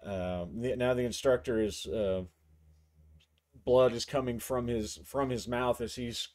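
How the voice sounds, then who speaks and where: A man narrating his own solo tabletop game, describing a fight and the dice rolls as he goes. He speaks slowly and thinks aloud, with a mid-range voice. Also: medium pitch, fairly even intonation, a little mellow.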